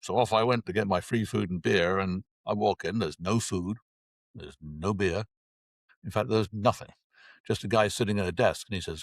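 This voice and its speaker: A man in his sixties from England, a guest telling lively anecdotes in conversation and acting out the dialogue. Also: fairly low pitch, moderate pace, no echo. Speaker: interview guest. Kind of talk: conversational storytelling.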